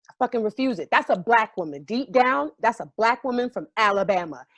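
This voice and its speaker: A woman's voice: fairly high pitch, expressive, fairly quick, a bit bright, no room sound. Frank, vivid woman recounting a role. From New York. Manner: vivid, profane, emotionally open. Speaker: guest, stage actor. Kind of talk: casual storytelling.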